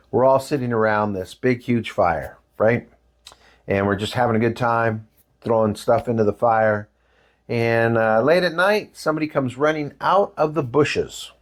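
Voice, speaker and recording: Older man presenter, mid-pitched, animated storyteller posing questions to parents. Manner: animated storytelling with acted quotes; addresses audience with questions. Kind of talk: parent education talk.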